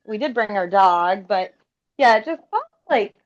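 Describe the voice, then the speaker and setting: A woman's voice: medium pitch, animated, unhurried. Reflective woman guest, dull lo-fi audio. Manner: reflective, searching for words. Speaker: podcast guest. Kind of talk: casual conversation.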